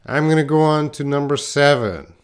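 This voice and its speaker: A man's voice: a little high, normal speed, smooth. A man teaching a live online English lesson, trying tongue twisters, joking with viewers and laughing at his own mistakes. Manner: chats with viewers reading their comments.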